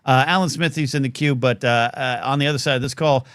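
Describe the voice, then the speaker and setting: A man's voice: mid-range voice, fairly even intonation, fast, a bit bright, clean tone, no echo, studio quality. A man hosting a call-in show, rambling playfully with lots of fillers and restarts. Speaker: host. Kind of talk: casual call-in show chat.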